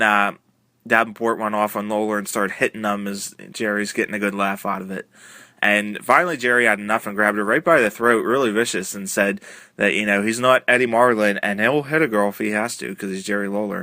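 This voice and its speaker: A man's voice: lowish voice, fairly even intonation, fairly quick, bright, forceful tone, no echo. A man casually recapping a wrestling TV episode, retelling it in a loose, rambling way full of uh and um. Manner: rambling, filler-heavy retelling with many uh and um. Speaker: wrestling show reviewer.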